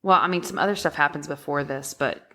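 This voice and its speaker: Young woman from rural Texas, low voice, giggly, chatty podcast co-host. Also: fast talker, a bit bright. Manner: chatty, giggly, trails off mid-thought. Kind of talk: casual chat about a film.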